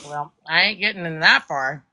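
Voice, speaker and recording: A woman joining a casual livestream as a guest. Her voice is bright and sharp, and she speaks bluntly, grumbling about things. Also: low voice, normal speed. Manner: blunt, grumbling, talks while eating.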